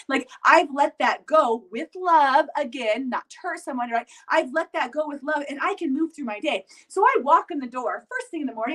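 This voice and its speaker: A woman with a high, light voice talks casually to her viewers, chatty and loose, forever tagging her points with "right?". She sounds a little distant from the microphone, as if she sits back from the camera. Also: a bit bright. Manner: chatty, filler-heavy, often asks "right?". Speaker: vlogger. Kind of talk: casual motivational talk to camera. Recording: voice picked up from a distance.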